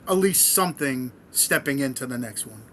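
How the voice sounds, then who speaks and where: A man's voice: mid-range voice, lively intonation, normal speed, crowd noise. A man co-hosting a podcast interview who rambles, stringing his thoughts together with many fillers. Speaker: podcast co-host.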